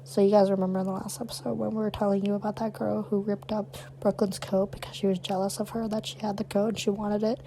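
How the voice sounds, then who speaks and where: Young woman co-host, warm low-key tone, blunt and lively in telling it. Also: quick pace, hardly any pauses, slight background noise, rough recording. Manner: animated, blunt storyteller. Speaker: podcast co-host. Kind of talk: casual storytelling chat.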